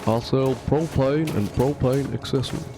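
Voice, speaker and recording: A man's voice: medium pitch, moderate pace, noisy background, close to an everyday voice. A man putting on a Southern accent to play a folksy middle-aged cartoon propane salesman with a drawling voice. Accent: put-on Southern US.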